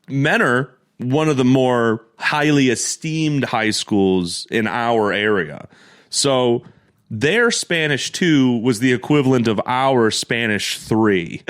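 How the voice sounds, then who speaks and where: A man's voice: mid-range voice, fairly bright tone. A young man co-hosting a podcast, telling stories in a casual, profane way and laughing often. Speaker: podcast co-host. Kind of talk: casual chat, storytelling.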